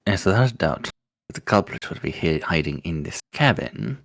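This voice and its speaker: A man's voice: deep voice, animated, normal speed, gravelly, background noise. A man reading a detective's lines from a game aloud in a mock-formal, theatrical way, over game music. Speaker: game streamer voicing lines. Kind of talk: casual read-along of game dialogue.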